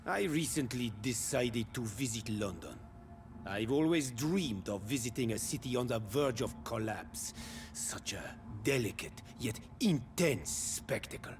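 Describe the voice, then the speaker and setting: Voicing a gleeful, decadent vampire aristocrat for a video game, a French-accented man purrs theatrically and relishes every word. His mid-range delivery is expressive and unhurried, over a noisy background.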